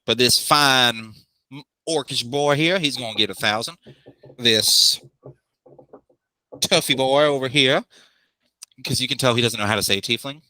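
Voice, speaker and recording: A man's voice: medium pitch, unhurried, long pauses, sharp tone, no room sound, low-quality recording. A man voicing a fussy, talkative male assistant with an Australian accent in a tabletop game, speaking in a rambling, folksy way. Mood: chatty.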